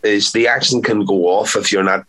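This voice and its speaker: A man with a fairly low voice talks casually in an interview as an actor. He is chatty and playful, and he often repeats words to stress a point. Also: fairly even intonation, brisk, pushed and bright, rough recording.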